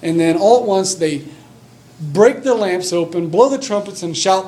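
A man preaching a sermon, telling a Bible story with lively excitement and reading scripture aloud. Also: sits high, normal speed, slight background noise. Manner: animated storytelling, reads scripture aloud, acts out scenes with excitement.

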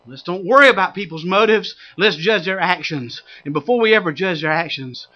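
A man's voice: high-pitched, lively intonation, a little fast, few pauses, dull audio. A male pastor preaching a sermon, impassioned and exhorting, repeating phrases for emphasis.

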